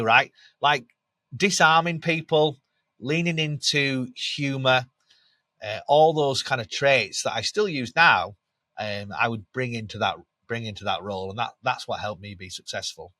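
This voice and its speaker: A man with a Northern English accent and a slightly nasal voice, telling lively anecdotes as a podcast guest, often laughing and restarting. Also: medium pitch, moderate pace, no room sound. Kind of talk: candid storytelling in an interview.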